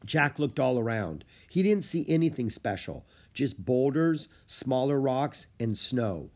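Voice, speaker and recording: A man reading a children's chapter book aloud in an expressive storytelling manner. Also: medium pitch, measured pace. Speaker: audiobook narrator.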